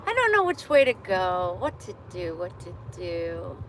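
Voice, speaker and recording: A woman's voice: on the low side, sing-song, measured pace, a little hiss or hum. A woman vlogger live-streaming casually from her car, chatty and thankful to viewers.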